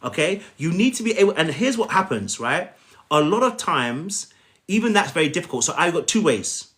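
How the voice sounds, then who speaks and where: A man's voice: a little high, sing-song, moderate pace, a bit bright. A man coaching viewers on a live stream, emphatic, often checking in with "okay?" and addressing them by name. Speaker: life coach. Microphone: phone on a live stream.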